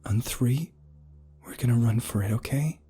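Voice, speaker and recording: A man voicing a desperate, protective mother who speaks in an urgent, hushed, pleading way with a husky tone. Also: mid-range voice, moderate pace, pitched above the performer's own voice, close to an everyday voice.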